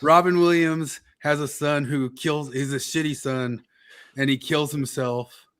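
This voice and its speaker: A man's voice: fairly high pitch, steady tone, measured pace, a bit bright, clear, resonant tone, no echo, clean studio sound. A man co-hosting a casual podcast chat, making wry, rambling asides. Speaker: podcast co-host.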